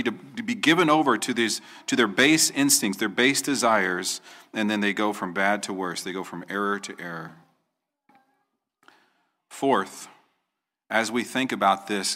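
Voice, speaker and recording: A man's voice: mid-range voice, pushed and bright. A man preaching an earnest sermon as a pastor, rising to emphatic questions and acting out quoted voices as he tells the story.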